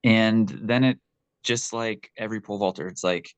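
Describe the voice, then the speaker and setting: A man's voice: on the low side, normal speed, smooth, no echo, dull audio. A man speaking candidly and with feeling as an interview guest, a former pole vaulter who swears freely and often restarts his sentences. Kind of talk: casual interview conversation.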